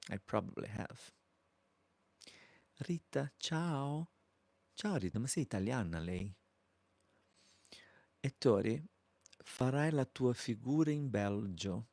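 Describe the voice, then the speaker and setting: Slow, gravelly Brazilian-accented man. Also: lowish voice, lively intonation, a little mellow, no echo. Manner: slow and affectionate, calling viewers darling. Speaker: drag performer hosting a live Q&A. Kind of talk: casual live-stream chat reading viewer comments.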